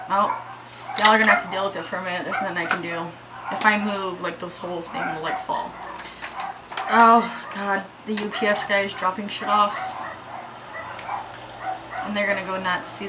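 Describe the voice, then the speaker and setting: A beauty vlogger with a mid-range voice chats through a makeup tutorial at home, sounding shaky and anxious. She swears freely and yells at her dogs, and the recording is very noisy.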